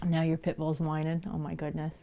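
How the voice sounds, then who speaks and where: A woman's voice: low-pitched, vocal fry, mellow, a little hiss or hum. A woman live-streaming from home in casual chat. She laughs easily and coaxes her dogs in a raised, playful voice. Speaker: livestreamer.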